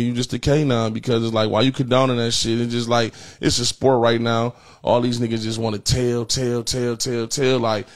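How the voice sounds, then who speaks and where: A man hosting a comedy call-in show with brash, profane energy. His voice sits at an ordinary pitch, but he often leaps high into squeals for effect. The delivery is loose, crude and animated. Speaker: host of a call-in prank show.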